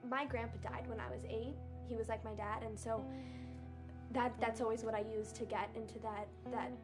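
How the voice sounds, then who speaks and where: A woman's voice: on the high side, little pitch movement, moderate pace, over music. A woman speaking as an actor, in a reflective way, about how she prepares. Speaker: actor interviewed.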